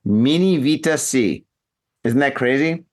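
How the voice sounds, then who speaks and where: Drunk male host, animated raconteur, very lively pitch. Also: measured pace. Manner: animated, acts out his own yelps and voices. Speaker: podcast host. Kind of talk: casual drunk storytelling chat. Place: home room in Japan.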